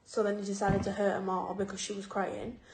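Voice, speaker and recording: A woman, a mother, calmly and wearily recounting a hard day at home. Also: medium pitch, brisk. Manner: calm, weary recounting. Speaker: single mother. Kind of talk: casual vlog. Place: home, indoors. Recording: echoey room, faint noise.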